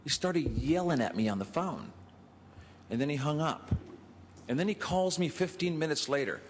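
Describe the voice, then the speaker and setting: His voice on the high side and animated, a state senator speaks at a moderate pace on the legislative floor, telling anecdotes in tribute and acting out their dialogue with chuckles. There's slight background noise, long reverb, and faint ambience.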